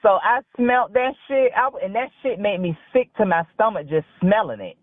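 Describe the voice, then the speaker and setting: Calling in to a talk show over a dry, tinny phone line with no room sound, a woman with a mid-range voice and lively intonation spins a rambling story at normal speed. She tells it bluntly, swearing heavily.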